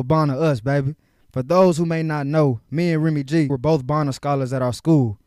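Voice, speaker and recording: A man's voice: on the high side, darkish tone, no echo, studio quality. A young man from Houston hosting a casual podcast, talking in hype, slangy, upbeat bursts. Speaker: podcast host.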